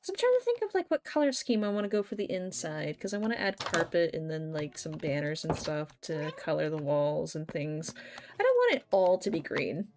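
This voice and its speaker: A woman's voice: sits low, sing-song, a little fast, a little mellow, a little hiss or hum. A young woman chatting casually while she plays a game on a live stream, telling stories animatedly and swearing now and then.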